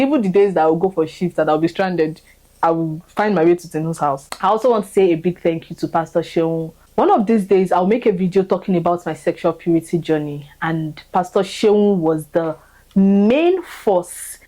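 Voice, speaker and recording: A woman's voice: fairly low pitch, warm tone, low-quality recording. A young woman giving an emotional, fervent testimony of thanks, repeating herself as her feelings rise. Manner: fervent, repetitive, voice rising with feeling.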